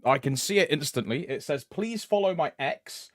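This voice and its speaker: A man's voice: on the high side, animated, moderate pace, dry recording, studio quality. A young man streaming a game, greeting chat by name, with frequent laughs and slangy banter. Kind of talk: casual live-stream chat.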